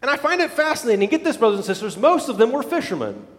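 A man preaching a sermon as pastor, dramatic, dropping to hushed low lines and then rising to loud exclamations. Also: huge pitch swings, quick pace, long reverb tail.

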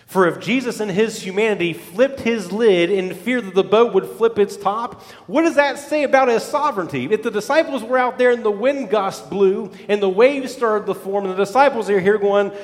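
A pastor delivers his sermon with a high, lifted voice. He drops into hushed, low phrases, then rises into loud, fervent exclamations. The sound rings with the long reverb of a large hall. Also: normal speed, hardly any pauses. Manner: dramatic, swings between hushed low lines and loud exclamations.

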